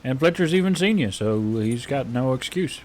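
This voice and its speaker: A man playing a frontier healer in relaxed in-character roleplay, rambling and hesitant with many fillers. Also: mid-range voice, normal speed, slight background noise. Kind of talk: in-character western roleplay chat.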